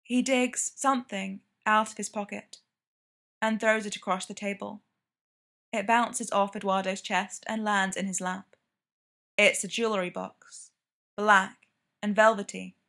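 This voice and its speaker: A woman reading fiction aloud with steady, expressive narration. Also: mid-range voice, unhurried, vocal fry. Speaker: reader.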